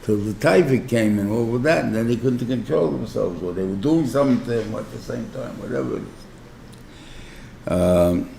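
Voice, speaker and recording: A New rabbi giving an informal class, talking conversationally, often checking in with "right?" and using everyday examples. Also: male voice, medium pitch, moderate pace, vocal fry, dark tone, roomy sound, slight background noise. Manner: explains through everyday examples. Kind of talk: informal Torah class lecture.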